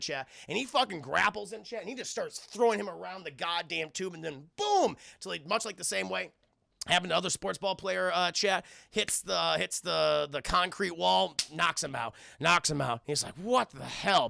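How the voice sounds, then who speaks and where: Gravelly, excitable man recapping for chat. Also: sits high, moderate pace, dry recording. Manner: excitable, profane, keeps addressing chat, acts out characters. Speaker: cartoon reviewer streaming to chat. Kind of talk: casual recap to live chat.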